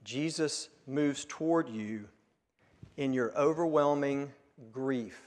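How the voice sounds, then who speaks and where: A male pastor preaching a sermon, earnest and emphatic at peaks, then dropping to a hush. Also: medium pitch, takes it slowly. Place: church sanctuary. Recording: long reverb of a church hall.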